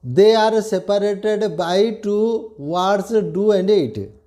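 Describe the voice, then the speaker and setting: Older odia-accented teacher guy, high but mellow voice, keeps asking if you got it. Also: lively intonation, takes it slowly. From India. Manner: repeats key phrases, checks understanding, mixes English with Odia and Hindi. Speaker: retired headmaster teaching grammar. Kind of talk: classroom grammar lecture.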